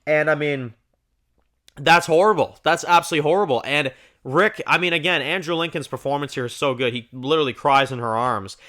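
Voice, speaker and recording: Male TV review host, casual rambling recap, bright forward tone. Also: fairly high pitch, a little fast. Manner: chatty, rambling with fillers, excitable.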